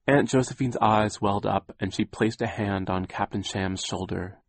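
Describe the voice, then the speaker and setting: A man narrating a children's audiobook in a wry, deadpan way. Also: fairly low pitch, normal speed, few pauses, no echo.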